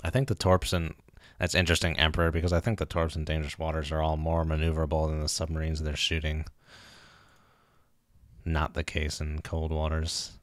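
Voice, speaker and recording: A man streaming a submarine game, commenting casually, joking and reacting excitably while talking to his chat. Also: a bass voice, brisk, dry recording. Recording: voice over game music.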